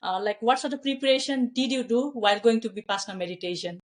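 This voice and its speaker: A woman's voice: fairly high pitch, fast. A woman interviewing a guest, asking questions in a chatty way with frequent "like" and "uh" fillers. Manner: chatty, heavy use of "like" and "uh".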